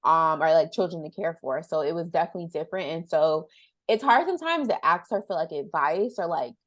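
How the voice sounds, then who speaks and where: A woman's voice: low-pitched, expressive, a little fast, dry recording. A young woman hosting a podcast who talks in a casual, rambling way, searching for words with many fillers. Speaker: podcast host. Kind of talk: casual interview chat.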